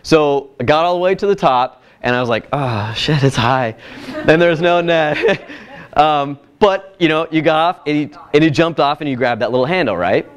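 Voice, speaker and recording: A man presenting at a workshop, telling a personal story in a casual, animated way with frequent asides to the audience. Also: on the high side, normal speed. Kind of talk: casual workshop talk with slides.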